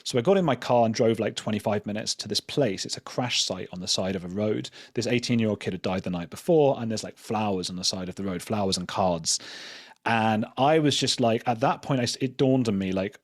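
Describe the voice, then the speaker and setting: A man sits for a podcast interview and recounts stories in a loose, self-deprecating ramble, leaning on "like" as he goes. His voice sits fairly low. The sound is close and dry, with no room echo. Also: a little fast. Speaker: journalist and podcast guest. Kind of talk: casual storytelling in an interview.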